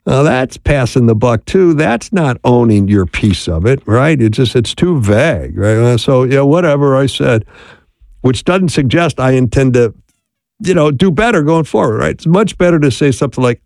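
A man's voice: mid-range voice, measured pace, gravelly, darkish tone, dry recording, studio quality. A man giving an instructional talk on marriage, conversational and preacherly, often checking in with "right?". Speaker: speaker on marriage.

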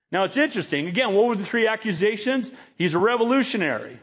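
High-voiced man preaching a sermon. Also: very animated, quick pace, fairly bright tone, breathy edge. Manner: emphatic, acts out quoted dialogue with rising pitch. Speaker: pastor.

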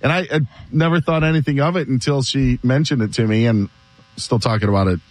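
A man hosting a sports radio show, telling stories in an animated, chatty way and laughing often. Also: medium pitch, a little fast, no echo. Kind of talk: casual sports talk.

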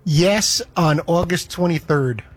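A man co-hosting a sports talk show in casual chat, quick and joking. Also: a little high, slightly rough, faint music behind. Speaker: co-host.

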